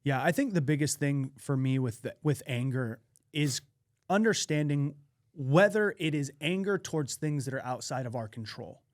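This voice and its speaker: This man co-hosts a laid-back podcast. He tells his stories in an animated, profane way, and his voice sits a little on the higher side. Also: moderate pace. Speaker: podcast co-host. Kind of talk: casual podcast chat.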